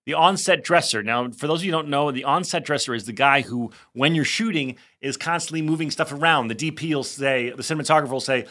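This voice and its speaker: A man co-hosting a podcast in casual chat, telling animated stories and putting on voices for quotes. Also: medium pitch, fast, hardly any pauses. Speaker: podcast co-host.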